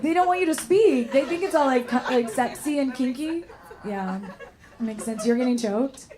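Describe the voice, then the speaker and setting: Raspy young woman doing brash stand-up. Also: high-pitched, moderate pace. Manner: brash, bawdy, self-mocking. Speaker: stand-up comedian. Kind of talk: stand-up comedy set. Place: comedy club stage. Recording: loud crowd and noise in a club. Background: crowd laughing.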